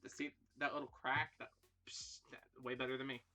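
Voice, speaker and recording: Here a young Irishman hosts a relaxed livestream, joking about himself in a rambling way while talking to viewers. His medium pitch barely moves, his pace is fairly quick, and his tone is pushed and bright, with a little hiss or hum in the background.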